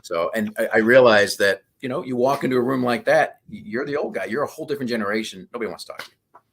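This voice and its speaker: A man in his fifties, a podcast guest telling animated stories in casual conversation. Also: mid-range voice, quick pace, husky.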